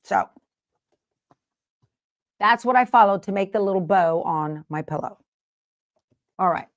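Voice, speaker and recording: Woman, livestream host, relaxed chatty delivery, digresses often, mid-range voice. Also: mid-range voice, measured pace. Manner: rambling, jumps between topics and interrupts herself. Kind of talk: casual livestream chat, answering viewers.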